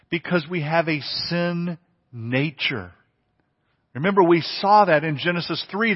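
A man's voice: sits high, breathy edge. Man preaching in an echoey hall. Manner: earnest, emphatic preaching with repeated phrases. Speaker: pastor. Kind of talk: sermon. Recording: dull audio with long hall reverb.

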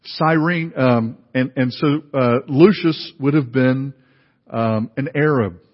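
A pastor giving a sermon in a conversational way, with many fillers and restarts. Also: male voice, mid-range voice, slow. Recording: dull, lo-fi recording in a reverberant hall.

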